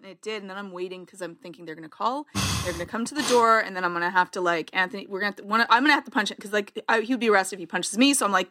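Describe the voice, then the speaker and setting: Fast bright-voiced woman telling a story. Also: mid-range voice. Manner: animated, rambling with many fillers and laughs. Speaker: podcast co-host. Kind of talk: casual storytelling chat.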